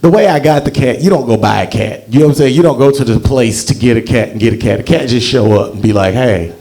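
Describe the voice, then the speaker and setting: A man's voice: quick pace, warm tone. A young man performing a stand-up comedy set on stage, telling a profane story and acting out the voices in it. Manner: profane, storytelling, acts out quotes with big pitch jumps. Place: comedy show in a library.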